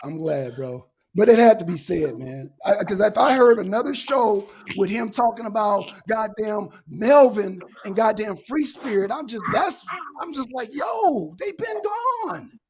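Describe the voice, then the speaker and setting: A woman co-hosting a live talk stream, ranting with constant swearing, loud bursts that trail off low. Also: moderate pace. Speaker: co-host. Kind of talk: heated profane rant on a live talk stream.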